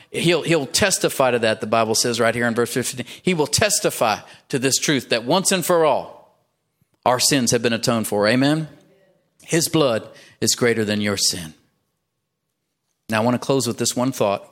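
A man's voice: medium pitch, fairly bright tone. A man pastor preaching a sermon in a church, emphatic, punctuating his points with "amen" and rising for emphasis.

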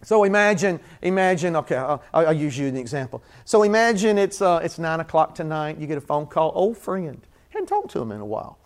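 In a church sermon, a pastor with a high, light voice addresses his congregation as if chatting with them, acting out everyday scenes before building into fervent, repeated calls. His intonation is lively, his pace fairly quick, with few pauses.

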